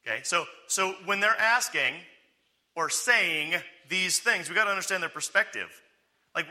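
Guy teaching a bible passage, super bright voice, chatty, does sarcastic little voices for the people he quotes. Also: on the high side, animated, moderate pace. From United States. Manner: conversational, often asks "okay?" and "right?". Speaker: preacher.

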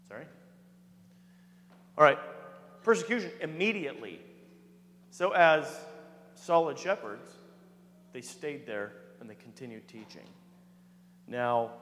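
A man's voice: medium pitch, sharp tone, a little hiss or hum. A man teaching a Bible study class, reading scripture aloud and putting questions to the group. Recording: echoey hall.

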